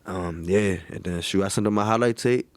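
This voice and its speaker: Deep-voiced man telling a casual story. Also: brisk, clean tone, no room sound. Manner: laid-back slang, frequent "you feel me" tags; acts out quoted voices animatedly. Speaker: pro football player, guest.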